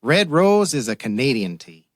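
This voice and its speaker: A man's voice: mid-range voice, big pitch swings, normal speed, dry recording, studio quality. A man playing a wry, probing police detective. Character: shrewd, dry-witted male police detective. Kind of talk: radio theater acting.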